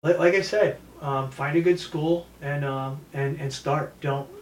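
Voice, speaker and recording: A man's voice: a little high, unhurried. A martial arts instructor tells stories in a casual way and acts out the people in them. He sits a bit back from the mic, so his voice carries an echo off the room walls. A faint hum of ambience sits underneath. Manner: animated storyteller acting out quotes. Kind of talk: casual storytelling interview. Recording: echoey room, mic at a distance.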